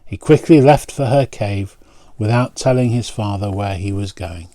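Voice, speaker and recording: A man, a pastor, reading a picture book aloud and pausing to point out the pictures. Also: fairly low pitch, dark tone, dry recording.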